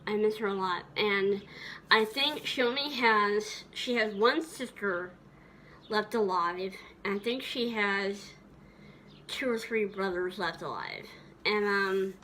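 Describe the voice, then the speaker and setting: A woman's voice: medium pitch, expressive, slow, bright, forceful tone, slight background noise. A woman vlogger reminiscing tenderly in a casual, rambling way, with many fillers and restarts.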